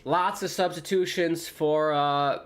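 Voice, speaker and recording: A man hosting a live football watchalong from home, calling the action casually, joking and reading viewer comments aloud, loud and excited at near misses. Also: a little high, slow pace. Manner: chatty, jokey, reads viewer comments aloud, gets loud at chances. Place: home with dogs nearby.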